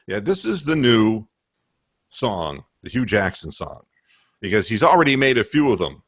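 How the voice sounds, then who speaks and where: Guy ranting about football on radio, swings his pitch all over, swears a lot. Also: normal speed. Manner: animated, rambling, swearing, breaks into mock voices. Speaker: radio talk host. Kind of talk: casual sports talk.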